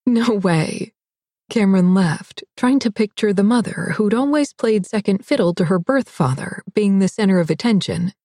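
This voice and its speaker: A woman narrating a romance audiobook in a wry, expressive read. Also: mid-range voice, normal speed, few pauses, dry recording, studio quality. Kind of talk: scripted narration.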